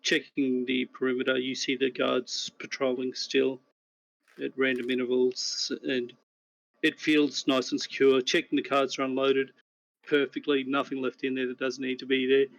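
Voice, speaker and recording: Gravelly man running a tabletop game. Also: mid-range voice, completely flat delivery, normal speed, a little hiss or hum, rough recording. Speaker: game master.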